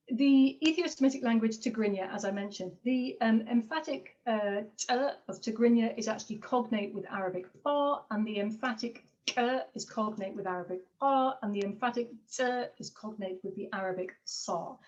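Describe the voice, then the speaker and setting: A woman giving an online academic seminar, hesitant, with frequent fillers and quick apologies as she juggles her slides. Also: a little high, darkish tone, dull audio. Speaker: linguistics lecturer.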